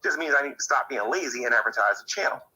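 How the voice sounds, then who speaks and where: Preachy man with a very bright, sharp voice. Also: medium pitch, animated, fast talker, poor audio. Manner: preachy and indignant, stumbles into repeated words. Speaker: YouTuber ranting about his community. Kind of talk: monologue rant to camera.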